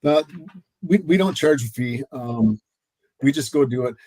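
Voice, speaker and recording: A man's voice: medium pitch, lively intonation, unhurried, dark tone, husky, dry recording, poor audio. A man who is a sheriff speaking as a guest, earnestly telling a rescue story with repeated words. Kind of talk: casual panel talk.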